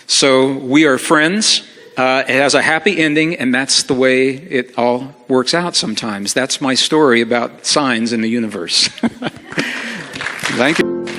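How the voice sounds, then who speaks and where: A middle-aged man telling a personal story to a live audience, acting out the dialogue with lively energy. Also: mid-range voice. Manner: animated, acts out quoted dialogue. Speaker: speaker. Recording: long hall reverb.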